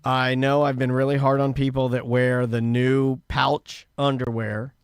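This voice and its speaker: A man's voice: mid-range voice, little pitch movement, a little slow, smooth, dry recording, clean studio sound. A male talk show co-host in casual comedic banter, ranting with emphatic, mock-serious conviction.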